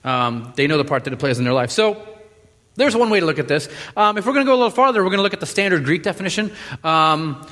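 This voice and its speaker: A man preaching a sermon in a relaxed, joking way, with many fillers and restarts. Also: a little high, fast talker. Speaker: pastor. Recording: reverberant hall.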